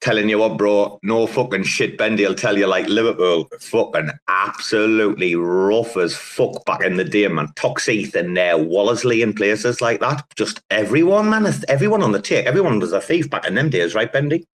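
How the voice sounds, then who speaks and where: A man's voice: fairly low pitch, animated, normal speed, few pauses. A middle-aged man telling rambling, profanity-laced stories in a casual online audio chat.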